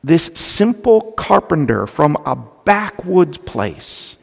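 A man preaching an expository sermon, slow and deliberate, stressing key points with emphasis. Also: a little high, sing-song, creaky. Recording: long reverb of a large hall.

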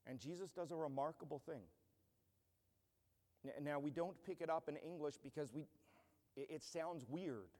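A man pastor delivers an earnest, emphatic expository sermon in a fairly high voice. His speech carries a long reverb from a large church hall. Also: moderate pace, long pauses, mellow.

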